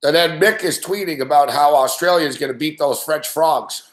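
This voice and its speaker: A man's voice: on the high side, normal speed. Profane, rambling man host in an echoey room. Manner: profane, rambling, laughs often. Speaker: sports betting show host. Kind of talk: casual live-stream rant.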